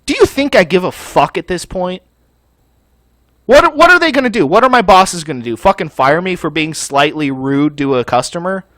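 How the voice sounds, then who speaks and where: A man's voice: high voice, dry recording. A man hosting a gaming channel, ranting angrily with constant profanity over gameplay. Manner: profane, furious, yelling rant.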